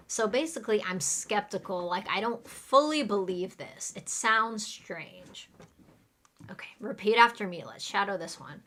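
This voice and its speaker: A woman's voice: mid-range voice, expressive, measured pace, sharp tone. A woman English teacher giving a live online lesson, explaining words in plain terms and leading repeat-after-me drills.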